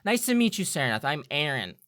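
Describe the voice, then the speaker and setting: Guy putting on a squeaky loud pixie girl, blunt and touchy, rambles on, rpg voice. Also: big pitch swings, fast, dry recording, clean studio sound. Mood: suspicious. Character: brash young muscular female pixie student.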